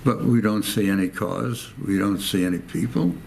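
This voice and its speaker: A man in his 90s from the United States tells a war story in a rambling oral-history interview, repeating phrases and acting out quoted voices. His voice sits on the low side, gravelly and a little mellow, with fairly even intonation at a moderate pace, over slight background noise.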